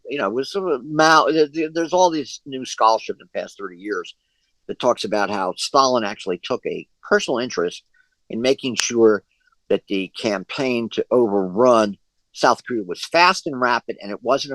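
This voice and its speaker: A man leading a group discussion on a video call, his voice on the low side. He talks in long, halting stretches full of fillers and restarted phrases. The sound is dry, with no room echo. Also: fairly bright tone. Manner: hesitant, many fillers and restarts. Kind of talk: online discussion session.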